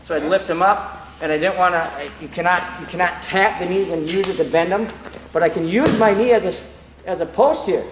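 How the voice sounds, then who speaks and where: A man with a fairly high voice explains grappling drills and trades stories while demonstrating. He sounds lively and talkative. The recording comes from a roomy, echoing gym. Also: fairly quick. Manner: animated, storytelling, demonstrates moves. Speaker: grappling coach. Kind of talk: mat-side technique instruction. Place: training gym. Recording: echoey gym, background noise.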